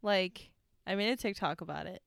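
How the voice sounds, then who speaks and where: A young woman co-host with a very clear voice and blunt opinions. The dry, close sound leaves no room echo around her. She talks frankly and swears freely. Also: mid-range voice, normal speed. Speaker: podcast co-host. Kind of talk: casual chat.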